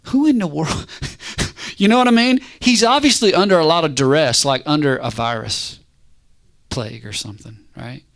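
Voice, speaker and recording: A man preaching a casual, conversational sermon, animated and constantly checking in with his listeners. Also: a little high, moderate pace, vocal fry. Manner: animated, conversational, keeps asking "right?".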